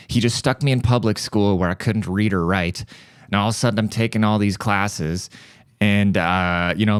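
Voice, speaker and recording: Man, 30s, German-born podcast host; low, smooth voice; profane, sarcastic comic rant. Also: dry recording, studio quality. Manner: profane sarcastic ranting with mocking put-on voices. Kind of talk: comedic podcast monologue.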